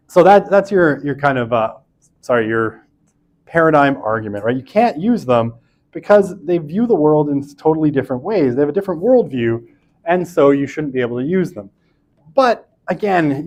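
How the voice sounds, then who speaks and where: A man giving a recorded university lecture in a casual, chatty way. He keeps checking in with "right?" and breaks off for asides and restarts. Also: on the high side. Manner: self-interrupting, with asides and restarts.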